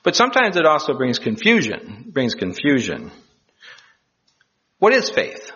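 A man preaching a sermon in a chatty, halting way, telling a joke and drawing a lesson. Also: medium pitch, wildly swooping pitch, sharp tone. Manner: chatty, halting, with many restarts. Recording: dull lo-fi recording.

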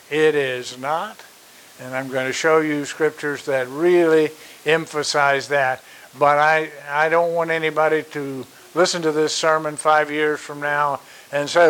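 A man delivers a sermon at an unhurried, measured pace, in a voice a little higher than most men's. He repeats key phrases for emphasis and fills his pauses with small hesitations. A faint steady hiss runs under the recording. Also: low-quality recording. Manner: slow and deliberate, with repeated emphasis and fillers. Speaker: preacher.

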